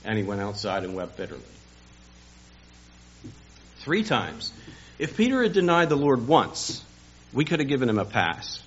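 On a dull, lo-fi recording with slight background noise, a pastor delivers a Sunday sermon, telling a story dramatically and building to loud emphasis. His medium-pitched voice swings widely in pitch, moving at a moderate pace with long pauses.

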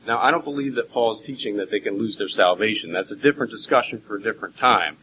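A man preaching a Bible teaching sermon, animated and swinging between loud and hushed. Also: mid-range voice, fast, few pauses, a little hiss or hum. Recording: dull lo-fi recording with faint ambience.

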